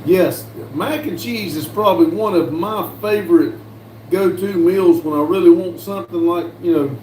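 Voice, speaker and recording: A man hosting a casual livestream, reading viewer comments aloud slowly and answering them with lots of fillers. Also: sits high, darkish tone. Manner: slow, drawling, reads comments aloud with fillers. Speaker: livestream host reading chat. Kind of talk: casual live chat. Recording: echoey room with faint background noise.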